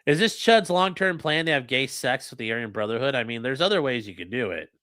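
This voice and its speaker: A man's voice: mid-range voice, lively intonation, a little fast, fairly bright tone, no echo, studio quality. A man hosting a casual livestream, talking bluntly with profane, mocking asides. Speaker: livestream host and lawyer.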